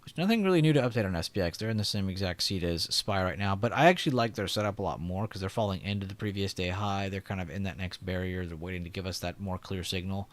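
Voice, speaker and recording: Deep-voiced and fast, a young man hosting a live trading stream barely pauses, and there's no room sound. He chats casually, reads comments aloud, and laughs often.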